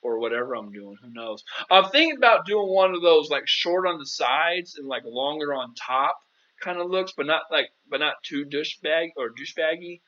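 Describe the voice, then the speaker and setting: A man's voice: fairly high pitch, lively intonation, moderate pace, bright, forceful tone, lo-fi sound. A man hosting a casual live-stream Q&A as a dating coach, chatty and playful, calling viewers "girl".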